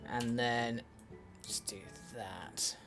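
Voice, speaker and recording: A man's voice: medium pitch, fairly even intonation, drawn-out words. A man giving casual game commentary as a let's play host, muttering to himself with wry, sweary asides. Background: faint in-game music.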